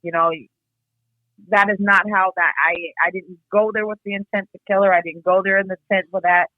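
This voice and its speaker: A woman from Iowa giving a candid personal account, blunt and halting, swearing freely as she reflects. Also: medium pitch, fairly even intonation, no room sound. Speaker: guest, host's sister. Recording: tinny phone line.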